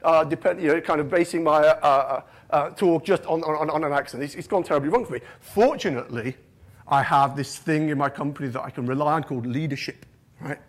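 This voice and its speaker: A man's voice: fairly high pitch, a little fast. A British man from the United Kingdom giving a jokey, self-mocking conference keynote, often tagging lines with "right?".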